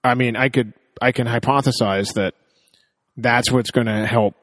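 A man's voice: medium pitch, steady tone, moderate pace, long reverb tail. A man co-hosting a casual TV episode recap, thinking aloud in long, rambling analysis. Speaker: podcast co-host.

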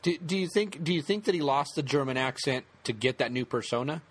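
A man co-hosting a casual podcast chat, talking in halting bursts with many restarts and fillers. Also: fairly high pitch, lively intonation.

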